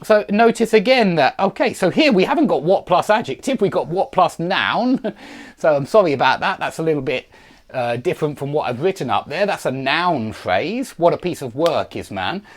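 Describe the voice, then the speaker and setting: A man's voice: on the high side, expressive, moderate pace. A middle-aged man teaching an online grammar lesson, chatty and digressive, with self-deprecating asides. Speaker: English teacher.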